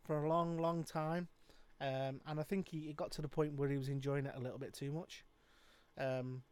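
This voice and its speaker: A man's voice: mid-range voice, flat delivery, fairly quick, a little mellow, no echo. A man who sings and live streams, telling rambling stories in casual chat with many fillers.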